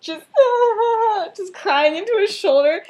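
A woman's voice: mid-range voice, normal speed. A young woman co-hosting a podcast, casually retelling a story in a rambling, giggly way full of fillers. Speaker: podcast co-host.

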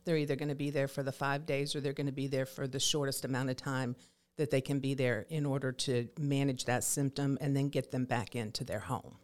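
A woman guest in an interview, an educational coordinator explaining care programs in a clear, informative way. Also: a bass voice, flat delivery, brisk, darkish tone.

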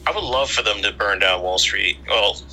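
A man's voice: fairly low pitch, normal speed, pushed and bright, low-quality recording. A man co-hosting a casual podcast. He chimes in agreeably and speaks frankly. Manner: agreeable, candid, chiming in. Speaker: podcast co-host.

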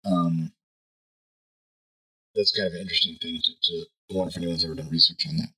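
A man's voice: low voice, level tone, fairly quick, bright, forceful tone, breathy edge, low-quality recording. A man talking casually through his views in a rambling monologue, thinking aloud and checking in with "right?" as he goes. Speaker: podcast host.

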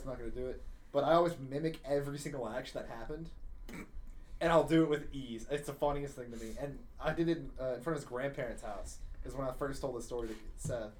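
A young man on a podcast telling a story in casual chat, animated, swearing freely and laughing through it. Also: mid-range voice, fast talker. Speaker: podcast co-host.

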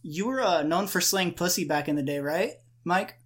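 A man's voice: high voice, normal speed, fairly bright tone. Offhand, hesitant podcast host, a man. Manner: offhand, hesitant, crude joking. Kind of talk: casual podcast chat.

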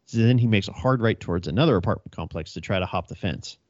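Brief: young male cop, low voice, swears and laughs through stories, dull dry recording. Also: fast, a little mellow, no room sound. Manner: profane, laughing storyteller. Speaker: police officer. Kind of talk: casual storytelling chat.

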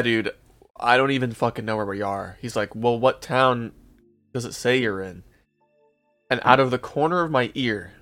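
A young man with a medium-pitched, slightly bright voice hosts a podcast, telling his co-hosts a long story in a laid-back manner. He swears a lot and laughs along at his own story.

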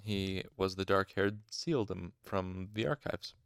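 Casual fan reader, man, gravelly, chatty asides. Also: deep voice, a little slow, no echo, studio quality. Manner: chatty asides, fixing pronunciations. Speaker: audiobook reader. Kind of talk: casual fan audiobook reading.

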